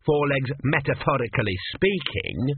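A man's voice: medium pitch, animated, moderate pace, a little hiss or hum, voice pushed up, lightly acted. A man voicing a grumbling, muddled sphinx. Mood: doubtful. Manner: grumbling, doubtful, easily flustered. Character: fussy, slow-witted male sphinx guarding riddle. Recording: tinny phone-like audio.

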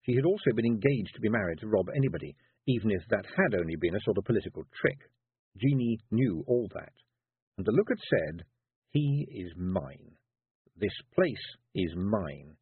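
A man narrating a storybook with a low, very husky voice that rises and falls widely. The reading is expressive and measured, and the sound is dry and tinny like a phone line. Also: no echo. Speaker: audiobook narrator.

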